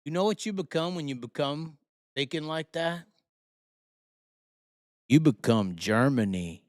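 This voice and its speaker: A man's voice: a little high, expressive, unhurried, a little mellow, dry recording, studio quality. A man hosting a live talk show, ranting heatedly with constant swearing and rhetorical questions. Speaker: host. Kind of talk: profane live-stream rant.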